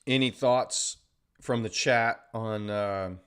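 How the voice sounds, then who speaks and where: A man hosting a trading livestream chats casually with viewers, joking and sarcastic as he reads their comments aloud. His fairly low voice holds a steady tone at a slow pace, slightly bright and clean.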